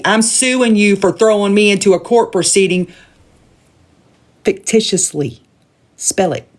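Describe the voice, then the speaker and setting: A woman with a Southern accent, ranting bluntly and profanely on a livestream from her phone and hammering her points by repeating them. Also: medium pitch. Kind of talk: heated livestream rant.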